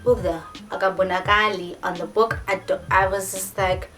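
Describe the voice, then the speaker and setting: A young South African woman in her twenties chats to her viewers in a casual, expressive storytelling voice. Her middle pitch rises and falls as she acts out each moment. The mic sits at some distance, with quiet music underneath. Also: moderate pace. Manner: animated, dramatic retelling with many filler likes. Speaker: vlogger.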